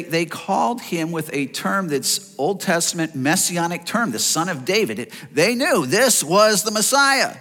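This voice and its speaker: Male pastor, high and bright, animated sermon delivery in a reverberant hall. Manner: animated preaching, acts out voices of listeners and Jesus. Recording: long reverb of a church hall.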